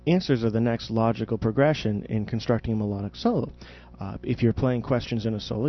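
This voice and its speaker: A man's voice: mid-range voice, dull audio. A man teaching jazz improvisation in a podcast audio lesson, explaining patiently and demonstrating spoken question and answer inflections.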